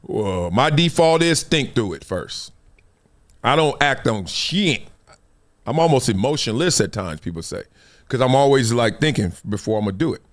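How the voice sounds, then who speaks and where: A man in his fifties hosting a talk show, telling stories in a casual, animated way and acting out other people's lines. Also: medium pitch. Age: 50s. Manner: animated storytelling, acts out quoted voices, frequent laughs. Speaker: show host.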